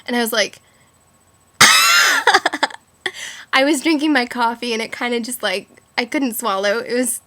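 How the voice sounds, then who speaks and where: A woman's voice: on the high side, brisk, few pauses, a bit bright. A teenage girl telling rambling stories in a casual vlog, giggling often and filling her talk with "like". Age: teens. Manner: giggly, rambling, many "like" fillers. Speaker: vlogger.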